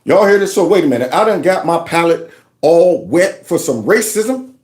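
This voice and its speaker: High, lively, sarcastic male commentator. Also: moderate pace, slight background noise. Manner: mocking, animated, talks back to the clips. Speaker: commentary channel host. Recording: roomy echo.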